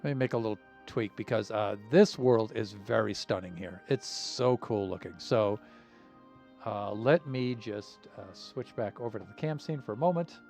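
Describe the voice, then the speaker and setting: A man streaming a game live, talking in an easygoing, rambling way with lots of fillers and soft chuckles. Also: on the low side, moderate pace, faint music behind.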